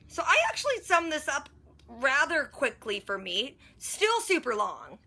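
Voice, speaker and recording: A young woman vlogger giving a casual, slangy recap of a TV episode, with quick chatty asides. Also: a little high, bright, forceful tone.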